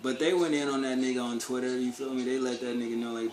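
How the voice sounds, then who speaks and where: A man vlogs a casual opinion rant in a mid-range, steady, slightly mellow voice, talking quickly. He's blunt and profane, heavy on street slang and rhetorical questions, and the room sounds echoey with faint ambience.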